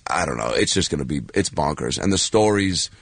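Low-voiced man telling a rambling story. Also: a little fast, gravelly, no echo. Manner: animated storyteller who acts out quoted voices; rambling, with many fillers and restarts. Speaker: actor and guest. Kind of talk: casual anecdotal chat.

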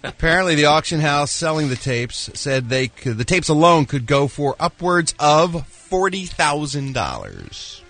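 A man's voice: fairly high pitch, very animated, measured pace, fairly bright tone. A man giving a celebrity gossip segment on a radio show in a chatty, crude, joking way. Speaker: entertainment news reporter.

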